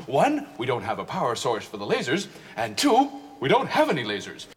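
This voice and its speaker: A man's voice: medium pitch, wildly swooping pitch, a little fast, big-room sound. A man voicing a fussy, servile male android butler who talks in a prim, overly polite way. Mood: politely deflating.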